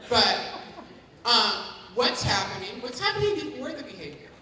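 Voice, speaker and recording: A woman's voice: on the high side, very animated, normal speed, sharp tone. A woman teaching a workshop for caregivers, talking to the room and keeping the audience engaged with frequent questions. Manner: interactive, keeps checking in with the audience. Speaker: dementia care educator. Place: large hall at a community forum. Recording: echoey hall from far off.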